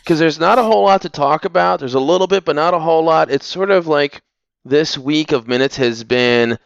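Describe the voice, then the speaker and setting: A man's voice: a little high, brisk, gravelly, smooth, dull audio. A man who is a podcast guest, telling jokey stories in casual chat. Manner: animated, jokey storytelling.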